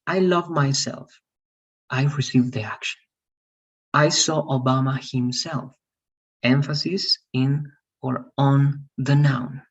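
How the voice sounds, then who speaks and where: A man's voice: mid-range voice, fairly even intonation, takes it slowly, long pauses, slightly rough, highs cut off. A man teaching an online English grammar lesson, patiently repeating examples and checking with "all right?".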